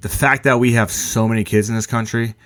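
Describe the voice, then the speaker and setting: A man in casual podcast chat, excitable, swearing often and calling people "bro". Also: medium pitch, a little fast. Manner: excitable, swears a lot, says "definitely" and "bro".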